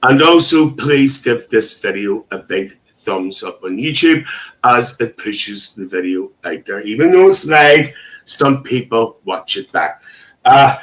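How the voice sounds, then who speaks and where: Male streamer, bright tense tone, emotional, chatty, reads chat aloud. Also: mid-range voice, animated, a little slow, low-quality recording. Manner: emotional, chatty, laughs often. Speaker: livestream host. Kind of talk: casual live chat reading comments.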